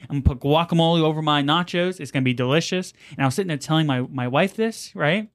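A man's voice: on the high side, fast talker. A man co-hosting a podcast, telling a story in a rambling, casual way with lots of fillers. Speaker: podcast co-host. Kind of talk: casual chat.

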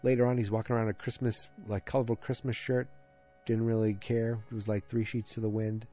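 A man's voice: lowish voice, little pitch movement, fairly quick, mellow, faint music behind. A man giving a casual, rambling recap of a TV episode, with many ums and restarts. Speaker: TV episode reviewer.

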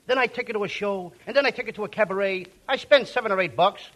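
A comedian playing a brash, wisecracking young man in a 1940s radio comedy, firing off quick insults and gags. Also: high voice, a bit bright. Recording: noisy old radio transcription.

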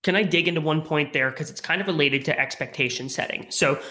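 A man hosting a podcast with a bright, forward voice that sits a little high. He asks curious questions and builds them around detailed example scenarios. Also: fast. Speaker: podcast host. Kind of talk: podcast interview.

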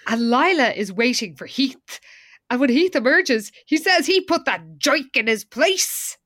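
A woman's voice: high voice, big pitch swings, unhurried, fairly bright tone, no echo. A woman co-hosting a podcast, recapping an episode in casual chat with dry, wry remarks. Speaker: podcast co-host.

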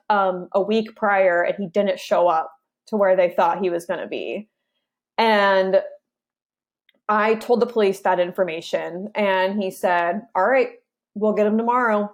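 A woman's voice: medium pitch, steady tone, a little slow. A young woman, an interview guest, telling a personal story in a casual way and acting out her side of past conversations.

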